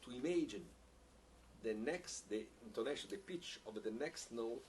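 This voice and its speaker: A man runs a piccolo masterclass, answering questions in halting explanations with repeated words and non-native phrasing. His middle-pitched male voice has lively intonation and is a little mellow, picked up from a distance over a faint hiss.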